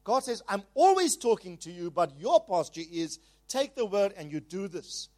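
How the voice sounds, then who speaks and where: A man preaching a sermon, emphatic, slowing down on key phrases and having the congregation repeat after him. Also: sing-song, darkish tone. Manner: slows down and rises in pitch and volume on key phrases. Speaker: pastor.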